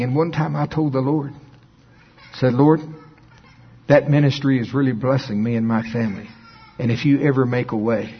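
An older man preaching, telling a story with lively quoted dialogue, his voice jumping high when he acts out phone calls. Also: normal speed, pauses often, husky, highs cut off. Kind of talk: sermon storytelling.

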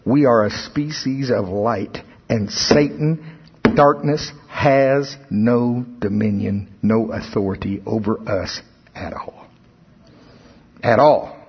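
Husky preacher man in an echoing hall. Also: lowish voice, takes it slowly. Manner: animated preaching, rising to emphatic outbursts. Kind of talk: sermon. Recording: husky voice in a long-reverb hall, dull sound.

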